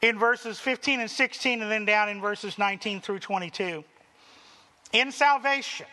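A man preaching a sermon slowly and deliberately, acting out the people's voices in dramatic quotes. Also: sits high, bright, forceful tone, long reverb tail. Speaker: pastor.

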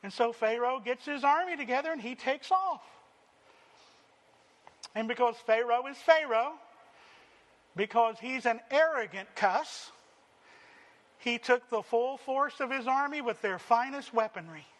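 High, bright-voiced preacher man. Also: lively intonation, measured pace, long pauses. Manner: dramatic, acts out quotes, swings from loud to hushed. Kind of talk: sermon.

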